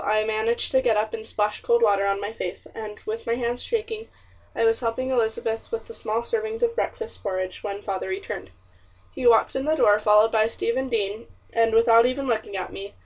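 A woman narrating a historical novel in the first person, expressive and old-fashioned in her storytelling. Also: on the high side, brisk, highs cut off. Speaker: audiobook narrator.

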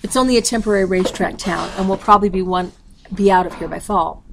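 Storybook role: a woman voicing a gloomy older man, gravelly and resigned. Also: mid-range voice, quick pace, slight background noise, natural voice. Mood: bitter.

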